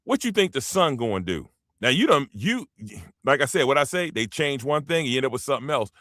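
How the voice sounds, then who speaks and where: A man hosting his own show, talking in loose, rambling opinion commentary aimed right at his audience. His pitch jumps and swoops all over the place as he stresses his points. The sound is close and dry, with no room around it. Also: dry recording. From United States. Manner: animated, rambling, emphatic, addresses listeners directly. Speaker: show host.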